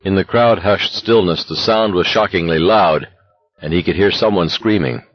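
Low, husky male audiobook narrator. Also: normal speed, dull audio. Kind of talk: scripted narration.

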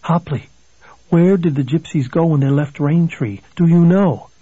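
A man's voice: a little high, measured pace, dark tone, husky, no echo, highs cut off, voice pushed up. Man reading a desperate haunted lawyer. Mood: urgent, pleading.

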